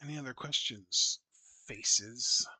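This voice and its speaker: A man co-hosting a casual wrestling podcast, wry and teasing, with quick jokes. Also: medium pitch, pushed and bright, dry recording. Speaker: podcast co-host.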